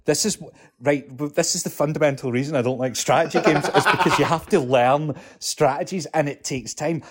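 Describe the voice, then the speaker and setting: A man's voice: on the high side, brisk, breathy edge. A man co-hosting a casual gaming podcast, blunt and wry, arguing his view with dry humor. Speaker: podcast co-host.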